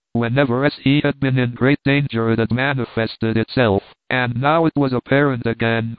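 A male audiobook narrator reads a first-person story in a measured, earnest way at a middle pitch. The sound is thin and phone-like, dry and close with no room echo.

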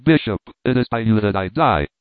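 A man voicing a frightened young woman prisoner, speaking low and soft in an audiobook reading. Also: animated, a little fast, smooth, no echo, close to an everyday voice. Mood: tender. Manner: low, soft-voiced, rising to anguished pleas. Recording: dry, tinny phone-like sound.

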